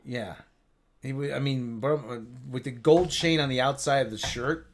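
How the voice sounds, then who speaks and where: A man's voice: medium pitch, fairly even intonation, moderate pace. A man co-hosting a livestream in casual chat, rambling and joking with lots of restarts. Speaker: livestream co-host.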